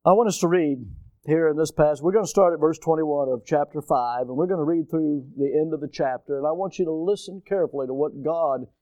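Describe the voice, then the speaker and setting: A man preaching a sermon as pastor, emphatic, swinging from rising shouts to sudden quiet drops. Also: fairly high pitch, fairly quick, no echo.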